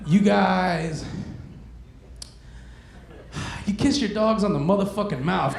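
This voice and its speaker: Crude, high-voiced stand-up comic. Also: male voice, slow pace, creaky, long pauses. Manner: casual, crude, teasing the crowd. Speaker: stand-up comedian. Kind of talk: stand-up comedy set. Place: comedy club stage. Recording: echoey club room with crowd noise.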